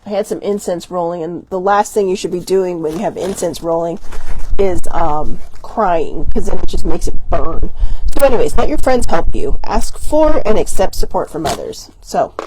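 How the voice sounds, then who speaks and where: Her voice is lowish, animated and darkish, at a normal speed, with slight background noise. Giving a casual oracle card reading, she gets teary-eyed and rambles emotionally, breaking off mid-sentence with laughs and ums.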